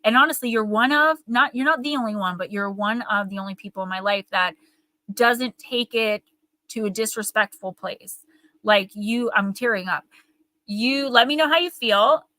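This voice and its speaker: A woman's voice: a little high, normal speed, sharp tone, no room sound, low-quality recording. A young woman hosting a live oracle card reading, talking in a rambling, earnest, emotional way. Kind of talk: live-stream card reading, casual chat. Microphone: live-stream microphone.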